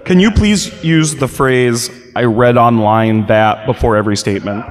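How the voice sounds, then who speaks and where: A man's voice: medium pitch, moderate pace, soft background music. A man running a live comedy wrestling game, handing out playful instructions. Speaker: game master calling cards. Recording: crowded reverberant convention hall.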